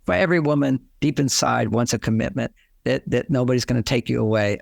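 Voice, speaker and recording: Gravelly older man giving advice. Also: medium pitch, fast, no echo. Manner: explanatory, acts out quoted lines. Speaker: relationship author. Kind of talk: advice interview.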